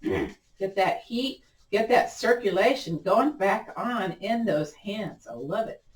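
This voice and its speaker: A woman teaching a gentle yoga class, giving encouraging, chatty cues and repeating them often, her voice cracking a little. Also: mid-range voice, animated, slow pace, echoey room, distant mic. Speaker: yoga instructor. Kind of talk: guided yoga class instruction.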